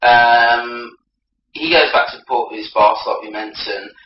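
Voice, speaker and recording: A man's voice: medium pitch, unhurried, faint music behind. A man retelling a film's plot in a rambling casual way, full of fillers. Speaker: podcast co-host. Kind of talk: casual film recap. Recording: roomy, distant, dull recording with faint hiss.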